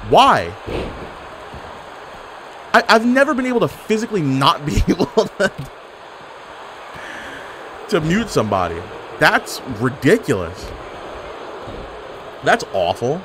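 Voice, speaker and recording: A young man giving sarcastic, animated trash-talk commentary over his own online wrestling game. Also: a little high, a little slow, long pauses, background noise. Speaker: gaming YouTuber. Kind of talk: live gameplay commentary.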